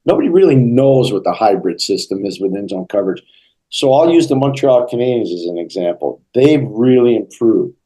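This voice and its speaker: A middle-aged man in an interview, telling lively stories and acting out the quotes. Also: medium pitch, fairly quick, low-quality recording. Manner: animated storyteller, acts out quotes. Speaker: interview guest, hockey broadcaster. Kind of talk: storytelling interview answers.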